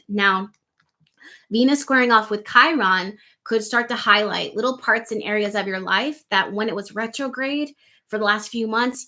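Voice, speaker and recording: A woman's voice: medium pitch, bright, forceful tone. A woman hosting a live astrology stream, talking casually and asking her viewers lots of rhetorical questions. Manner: conversational, full of rhetorical questions, reads viewer comments.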